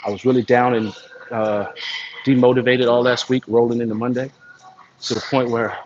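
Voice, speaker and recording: A man's voice: medium pitch, normal speed, a crowd in the background. An American man chatting casually and rambling on a livestream while at the gym, coaching himself along. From United States. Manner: rambling, self-motivating. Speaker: vlogger. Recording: dull lo-fi sound with steady noise.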